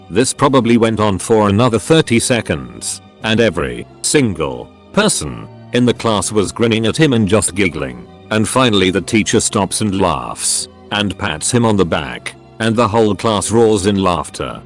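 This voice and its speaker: Lively low-voiced male story narrator. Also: normal speed, hardly any pauses. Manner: expressive storytelling, acting out quoted dialogue. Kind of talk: scripted narration. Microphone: studio voice-over mic. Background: faint background music.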